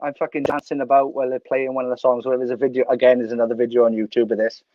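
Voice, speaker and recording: A Welsh man in his thirties telling an animated, sweary story as a podcast guest. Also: medium pitch, racing, dry recording, muffled recording. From Wales. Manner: animated, sweary, laughs through anecdotes. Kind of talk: casual storytelling.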